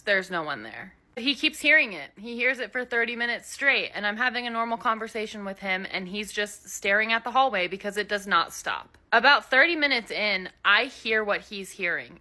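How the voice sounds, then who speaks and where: Bright young woman recounting a ghost story. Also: medium pitch. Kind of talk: casual storytelling.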